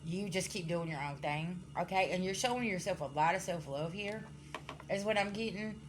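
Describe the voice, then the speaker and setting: Against a noisy background, a woman with a lowish voice and moderate pace does a casual spiritual reading. As a card reader she speaks straight to her viewers, bluntly scolding them, cursing freely, and checking "okay?" frequently.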